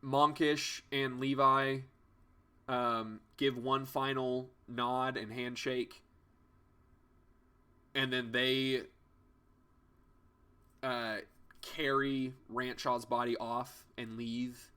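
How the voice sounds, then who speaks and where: A man's voice: medium pitch, little pitch movement, extremely slow, pauses often, bright, forceful tone, clean tone. A young man narrating as game master of a tabletop game, hesitant with many fillers and restarts.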